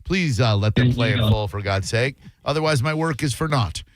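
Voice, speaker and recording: A man's voice: medium pitch, lively intonation, normal speed, noisy background. A man hosting a radio show in casual chat, running a movie-clip quiz with teasing, mock-formal banter. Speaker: radio host. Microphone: studio microphone.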